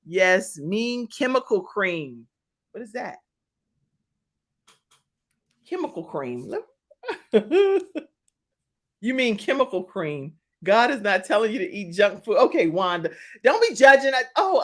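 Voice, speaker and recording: A talkative woman in her forties hosts a live-streamed talk show. Her voice rises and falls in lively swoops, and she keeps laughing as she reads viewer comments aloud in easy chat. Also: mid-range voice, measured pace.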